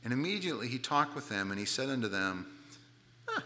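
Male pastor, animated sermon storytelling, bright, hall reverb. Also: mid-range voice, fast talker. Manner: animated storytelling, acts out the scene, casual asides.

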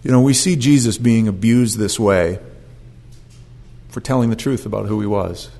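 A man's voice: fairly low pitch, normal speed, vocal fry, dark tone. A man preaching a sermon, telling the story with animation and acting out voices.

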